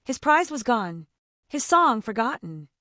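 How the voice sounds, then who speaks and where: A woman storyteller narrating a children's fable with a scripted, gently dramatic reading. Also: on the high side, sing-song, measured pace, dry recording, studio quality.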